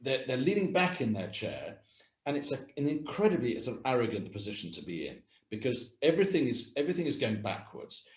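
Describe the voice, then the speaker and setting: Brisk and mid-range, the voice belongs to a communication coach running a video-call webinar on posture and voice. He is lively and practical, demonstrating exercises as he speaks.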